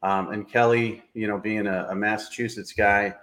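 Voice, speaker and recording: A man's voice: fairly low pitch, level tone, moderate pace, fairly bright tone. A man giving blunt, opinionated college football analysis in casual talk, with plenty of fillers. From New England.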